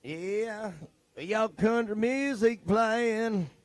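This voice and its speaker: Male track announcer from California, high-pitched, jokey rambling banter, dry sound. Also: drawn-out words, no room sound. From Modesto, California. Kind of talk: live race commentary.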